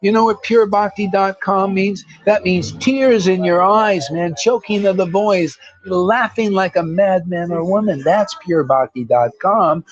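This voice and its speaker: A man's voice: high voice, unhurried, few pauses, muffled recording. A man giving an informal devotional talk as a spiritual teacher, blunt, preachy and full of slang.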